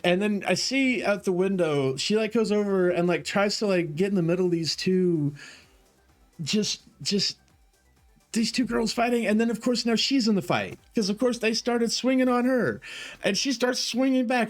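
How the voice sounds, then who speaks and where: A man streaming, telling long casual stories with lots of swearing and filler words. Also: high-pitched. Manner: profane, rambling, animated in retelling. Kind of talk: casual storytelling chat.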